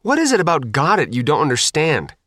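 A man's voice: on the high side, wildly swooping pitch, a little fast, a bit bright, dry recording, clean studio sound, voice pushed up, full character voice. A man doing a snappy sarcastic teen girl. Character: sulky, sarcastic teenage girl, the younger sister.

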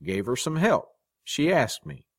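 A male reader voicing a quiet, firm street musician in an audiobook story. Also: a little high, sing-song, a little slow, dry recording, studio quality, pitched above the performer's own voice. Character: quiet, steady street guitarist man. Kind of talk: audiobook reading.

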